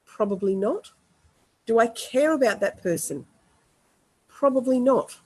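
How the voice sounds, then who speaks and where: A woman, an EFT practitioner, leading a guided group tapping session with slow, repeated affirmations and coaching participants by name. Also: a little high, animated, darkish tone, breathy edge.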